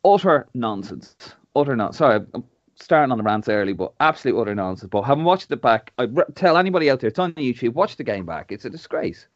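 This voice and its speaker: Irish male podcast co-host, animated ranter, mid-pitched, dry lo-fi sound. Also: fast, dry recording. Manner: ranting, animated, mimics others. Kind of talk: casual podcast chat.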